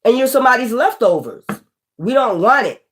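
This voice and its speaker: A woman's voice: on the high side, lively intonation, brisk, fairly bright tone. A woman tarot reader in a casual, scornful rant, blunt and profane, hammering her points home by repeating them. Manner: repetitive, emphatic.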